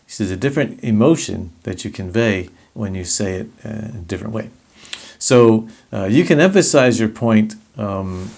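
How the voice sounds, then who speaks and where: A man's voice: lowish voice, darkish tone. A middle-aged man teaching public speaking in a recorded video lesson, explaining and demonstrating ways of delivering a speech.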